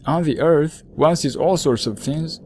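A man voicing a gentle, lonely male fox in a storybook reading, earnest and measured, explaining things slowly. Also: on the high side, pitched above the performer's own voice.

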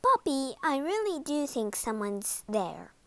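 A woman voicing a gentle, worried queen and mother who speaks softly and coaxingly. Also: high voice, very animated, measured pace, dry recording, voice pushed up, full character voice.

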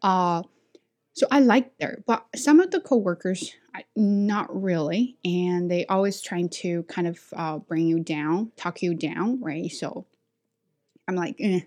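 Woman, Chinese native speaker, casual storytelling, ESL teacher, frank, animated. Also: slow. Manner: animated, acts out quotes with high voices; frank and self-assured.

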